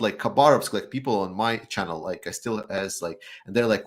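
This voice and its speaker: A man's voice: lowish voice, a little fast, hardly any pauses. A man appearing as a guest YouTuber in a live Q&A chat, speaking bluntly and sarcastically.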